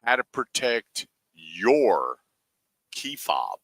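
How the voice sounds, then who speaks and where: A deep-voiced man hosts a car radio show, spinning folksy stories and voicing callers' lines. His voice is bright and forward, recorded dry and close in a studio. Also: very animated, drawn-out words, no room sound. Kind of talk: casual radio talk with ad reads.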